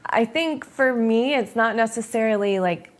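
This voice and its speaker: A woman's voice: on the high side, normal speed. A woman speaking in a casual panel chat, hesitant and thoughtful, with many fillers.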